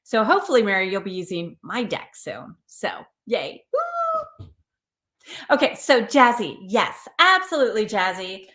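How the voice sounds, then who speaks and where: A woman's voice: medium pitch, sing-song, moderate pace, few pauses, sharp tone. Chatty woman reading cards in an echoey room. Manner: chatty, encouraging, addresses viewers by name. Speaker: tarot reader and live stream host. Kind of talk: casual live-stream card reading.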